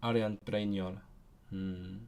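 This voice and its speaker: Brief: man streaming his language study, slow and halting, thinking aloud. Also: sits low, level tone, darkish tone, a little hiss or hum. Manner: thinking aloud, hesitant, many pauses. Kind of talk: livestream self-study.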